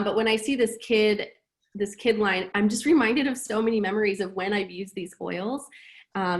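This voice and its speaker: Casual woman presenter in her thirties, mid pitch, some vocal fry, chatty and filler-heavy. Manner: chatty, warm, frequent fillers. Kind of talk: casual product talk.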